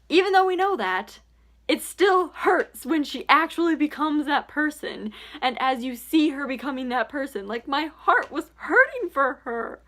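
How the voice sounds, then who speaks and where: A young woman casually reviewing a book in a vlog, chatty and animated, with plenty of fillers. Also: high-pitched.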